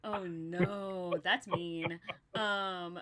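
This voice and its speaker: Young woman, podcast host, casual chat, slight vocal fry, animated and laughing, loose swearing. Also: lowish voice, drawn-out words, noisy background.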